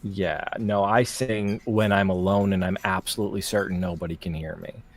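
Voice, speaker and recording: A young man co-hosting a crafting livestream, chatting casually in a jokey, animated way with frequent restarts. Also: sits low, moderate pace.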